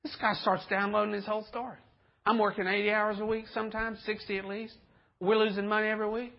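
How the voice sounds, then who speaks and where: A man's voice: high voice, flat delivery, fast, gravelly, lo-fi sound. A man preaching a folksy, joking sermon to a congregation, acting out the people in his stories. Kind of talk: storytelling sermon.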